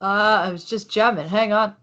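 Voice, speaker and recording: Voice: medium pitch, steady tone, normal speed, sharp tone. A player speaks in character during a tabletop role-play, easygoing and laid-back. The voice sits in the middle range. The recording is dull and lo-fi.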